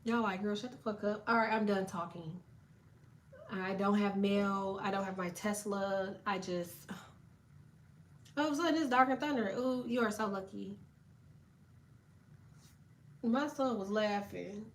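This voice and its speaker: A woman's voice: mid-range voice, unhurried, pauses often, a little hiss or hum. A woman tarot reader chatting on a live stream, cursing freely, laughing often and talking back to viewers in the chat. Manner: profane, animated, laughing, reads chat aloud.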